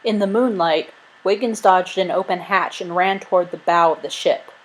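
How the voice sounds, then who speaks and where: Lady reading a kids' storybook out loud, kinda low voice. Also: normal speed, low-quality recording. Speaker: narrator. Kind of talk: storybook read-aloud.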